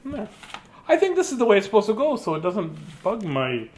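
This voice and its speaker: A middle-aged man reads a children's bedtime story in a goofy, chatty way. His voice sits a little high and leaps around in pitch. He breaks into sing-song noises and silly asides. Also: huge pitch swings, fairly quick, a little hiss or hum. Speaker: storybook reader. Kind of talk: playful bedtime story reading.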